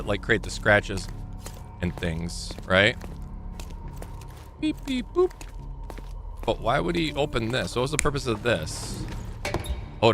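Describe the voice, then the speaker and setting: A man's voice: mid-range voice, background noise. A young man streaming a game live, thinking aloud and rambling as he corrects himself mid-thought. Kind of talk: live gameplay commentary.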